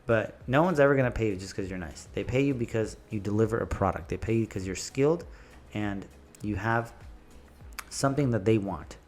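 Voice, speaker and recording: Man, low voice, landscaping business owner, blunt animated vlog talk, faint background music. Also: brisk. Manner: blunt, animated storyteller, swears casually. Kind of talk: casual business advice vlog.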